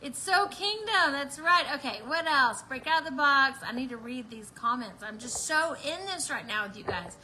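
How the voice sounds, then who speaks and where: A woman's voice: sits high, expressive, normal speed, hardly any pauses, sharp tone, slight background noise, low-quality recording. A woman hosting a live online prayer meeting, bubbly and laughing as she preaches and talks straight to her viewers. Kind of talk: excited livestream preaching and chat.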